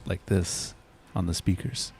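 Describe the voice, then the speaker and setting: A man's voice: sits low, little pitch movement, takes it slowly, darkish tone, slightly rough. A male co-host on a music review stream, laughing often and giving technical feedback on mixes. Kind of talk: casual stream chat.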